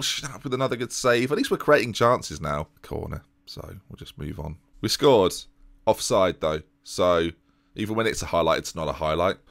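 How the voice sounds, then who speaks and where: A man's voice: low-pitched, animated, moderate pace, dry recording, studio quality. A man giving a let's-play commentary as a gaming YouTuber, exasperated and self-mocking as he talks over his game.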